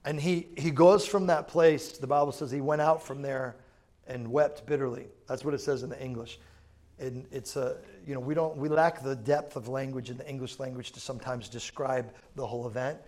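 A man's voice: medium pitch, steady tone, normal speed, darkish tone. A man preaching a sermon in a chatty, informal way, full of asides to the congregation. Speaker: pastor. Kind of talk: conversational sermon.

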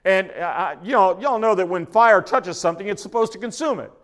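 Pastor, man with a high voice, folksy sermon delivery with frequent restarts. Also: lively intonation, brisk, fairly bright tone. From Oklahoma. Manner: folksy, conversational preaching with repeated restarts.

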